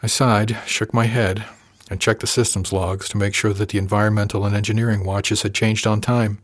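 A man reading a first-person story aloud in a measured, wry narrating manner, close to the mic. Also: fairly low pitch, level tone, no room sound. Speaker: audiobook narrator.

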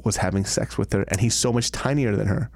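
A man's voice: on the low side, fast, a little mellow. A man co-hosting a comedy podcast, teasing his partner with crude jokes and frequent laughter. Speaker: podcast co-host. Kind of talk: casual comedic chat.

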